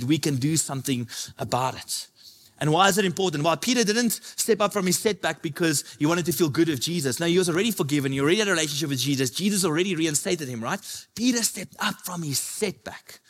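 High-voiced man preaching with passion. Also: a bit bright. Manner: impassioned, repetitive preaching. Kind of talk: sermon.

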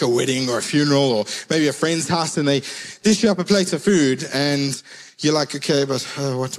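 A man with a slightly high voice preaches a sermon in a relaxed, storytelling way. He circles back to key words again and again for emphasis. His voice carries a long reverb, as if filling a large hall.

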